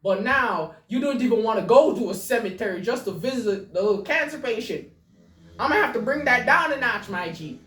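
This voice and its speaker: A woman's voice: a little high, animated, a little fast, a bit bright, distant mic. A woman hosting a podcast, commenting crudely on jokes, stammering and laughing, in an echoey room away from the mic. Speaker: podcast host. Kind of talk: casual joke commentary.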